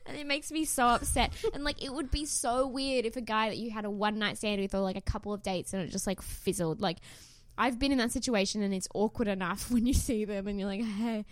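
A young woman co-hosting a podcast, giggly and animated, swearing freely and saying "like" often. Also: medium pitch, brisk, hardly any pauses, no room sound. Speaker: podcast co-host. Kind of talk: casual chat.

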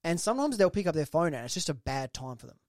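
A man's voice: on the high side, no room sound, clean studio sound. A man chatting casually on a podcast, telling stories with lots of swearing. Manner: fast, animated storytelling with heavy swearing. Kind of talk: casual chat.

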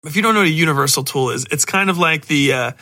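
A male podcast host in loose, casual chat, ranting and cursing freely. His voice sits a bit high and has a bright, forceful edge. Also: fast. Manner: profane, ranting, exasperated.

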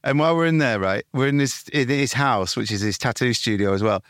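A young man rattles through stories at a brisk clip, swearing freely and slipping into voices of the people he describes. He sounds close to the mic in a dry, dead room. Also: medium pitch, a bit bright, dry recording. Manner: swearing, laughing storyteller who mimics other people. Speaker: podcast co-host. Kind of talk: casual banter telling anecdotes. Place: home studio.

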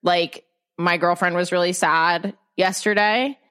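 A young woman with a lowish voice chats on a podcast in an open, candid way. She swears now and then and often breaks off and restarts her sentences as she thinks aloud. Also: steady tone, measured pace, fairly bright tone, clear, resonant tone. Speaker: podcast guest. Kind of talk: casual podcast chat.

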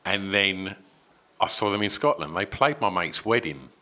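A man hosting a casual chat, encouraging his guest with quick affirmations. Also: deep voice, animated, sharp tone.

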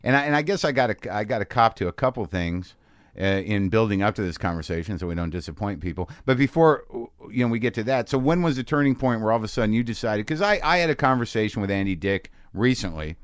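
A man's voice: lowish voice, animated, quick pace, clear, resonant tone, no echo, clean studio sound. A man hosting a podcast, talking frankly in a loose, profane, rambling way. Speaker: podcast host. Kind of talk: casual chat.

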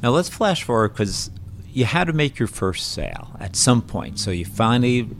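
A man hosting an interview, conversational and quick with asides as he guides the guest. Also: medium pitch, very animated, slight background noise. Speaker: interview host.

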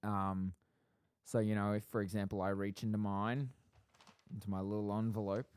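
A man's voice: on the low side, little pitch movement, normal speed, darkish tone, clean tone, no room sound. A man hosting a podcast, explaining an improv game and ribbing his co-host in a mock-stern way. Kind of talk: casual chat, running an improv game.

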